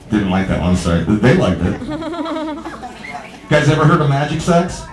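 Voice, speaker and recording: A man doing a stand-up comedy set in a small bar, telling rambling, stammering stories and bantering with the crowd. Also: a little high. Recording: echoey bar room.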